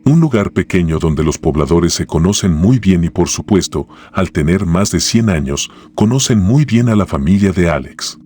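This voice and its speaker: A man reading scripted narration in a measured, suspenseful way. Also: deep voice, lively intonation, dark tone.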